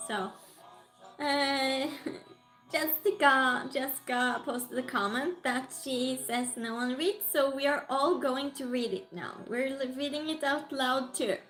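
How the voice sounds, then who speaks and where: A woman hosts a relaxed livestream, greeting her viewers by name and reading their comments aloud. Her voice sits high, and she takes her time with each thought, laughing often. Soft music plays faintly underneath. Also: slow, low-quality recording. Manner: chatty and giggly, greets viewers one by one. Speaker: livestream host. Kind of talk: casual stream chat, reading out viewer comments.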